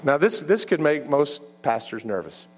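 A male preacher telling a story in a sermon, with halting starts and repeated words, often dropping low and quiet. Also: very animated, slight background noise.

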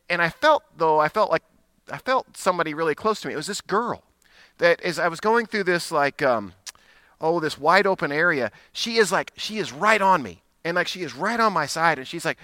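A middle-aged pastor with a bright, forward voice, pitched a little high for a man. He preaches in an easy, storytelling way and laughs at himself. The sound is close and dry. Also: animated, normal speed, no room sound. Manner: conversational storytelling, self-deprecating, frequent restarts. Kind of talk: sermon with personal story.

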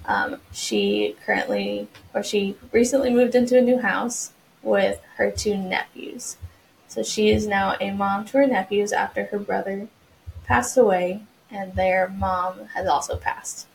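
A woman's voice: mid-range voice, measured pace, vocal fry, slight background noise, rough recording. A woman co-hosting a casual book chat, retelling scenes in a chatty way. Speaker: podcast co-host.

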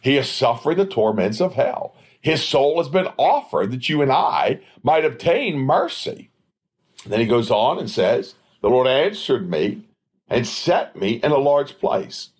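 A man's voice: medium pitch, very animated, unhurried, slightly rough. A man preaching a Bible study in a sermon style, asking rhetorical questions and answering them himself. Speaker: preacher, former evangelist.

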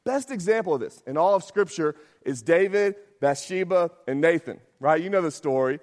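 A man's voice: a little high, expressive, normal speed, darkish tone. A man preaching a sermon as pastor, talking conversationally, often asking "right?" and acting out quotes.

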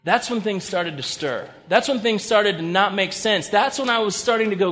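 High-voiced male pastor in a reverberant hall. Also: animated, normal speed, few pauses, a bit bright. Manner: conversational preaching with humorous asides. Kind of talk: sermon. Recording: long reverb of a large hall.

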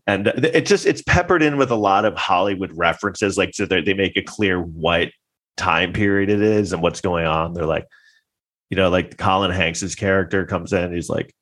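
A man's voice: low-pitched, normal speed, a bit bright. A man hosting a podcast, rambling through a mocking, casual commentary with many restarts. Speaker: podcast host.

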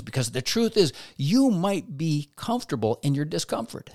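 Male preacher, devotional sermon, lively delivery with probing questions, dry recording. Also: moderate pace, few pauses, dry recording. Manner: asks the listener direct rhetorical questions; expressive, swings between loud emphasis and soft low asides.

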